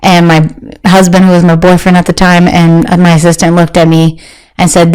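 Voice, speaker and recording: A woman in her thirties, a guest talking candidly in an interview, animated and quick to jump into high voices when she quotes people. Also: clean tone, poor audio.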